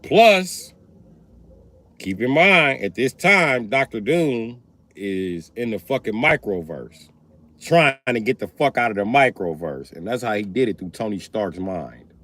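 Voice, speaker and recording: A man's voice: fairly low pitch, animated, unhurried, fairly bright tone. A male livestreamer talks to his chat in a loose, rambling way. His delivery is casual and full of profanity.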